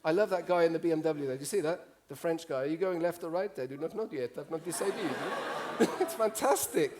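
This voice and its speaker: A man from Italy, giving a humorous storytelling talk on stage, animated and joking as he acts out voices. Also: a little high, fairly quick, a little hiss or hum. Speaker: conference speaker. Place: stage before a live audience.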